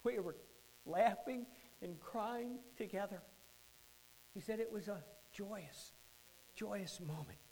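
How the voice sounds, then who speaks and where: High-voiced pastor telling a story. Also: male voice, takes it slowly, pauses often, slight background noise, poor audio. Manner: dramatic storytelling, swings from hushed to loud. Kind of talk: sermon storytelling.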